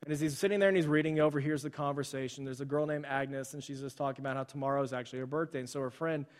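Man, pastor, sermon storytelling, even monotone delivery, long hall reverb. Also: medium pitch, very fast. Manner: conversational, with frequent fillers and restarts.

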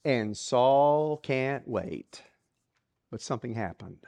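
Slow, lively preacher telling a story. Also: mid-range voice, gravelly. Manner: dramatic retelling of a story, dropping to hushed whispers; repeats words while building a scene. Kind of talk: sermon.

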